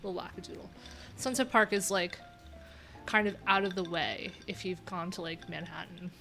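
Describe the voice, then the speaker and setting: A woman's voice: on the low side, steady tone, normal speed, gravelly, sharp tone, faint music behind. Nasal woman rambling on a casual livestream. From New York. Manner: candid and rambling, casual swearing. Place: home room.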